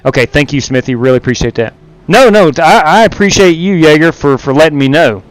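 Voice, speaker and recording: A man's voice: on the high side, expressive, a little fast, dry recording. Chatty sim racing streamer, man. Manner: chatty, greets chat viewers by name. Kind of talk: live stream commentary while racing.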